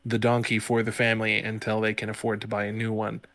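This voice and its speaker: A man's voice: fairly low pitch, monotone, fast talker, fairly bright tone, slight background noise. A man co-hosting a podcast, telling a tabletop game story in a rambling, casual way, full of filler words. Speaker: podcast co-host. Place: home studio.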